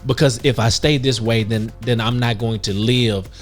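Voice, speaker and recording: A man's voice: medium pitch, fairly even intonation, normal speed, soft background music. A man in his fifties, co-hosting a podcast in casual chat, telling self-mocking stories with frequent laughs. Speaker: podcast co-host.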